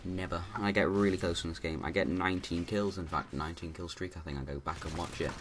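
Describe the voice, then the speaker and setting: A man's voice: deep voice, steady tone, fast, a little hiss or hum. A man giving rambling, casual commentary over his own gameplay, full of restarts and fillers.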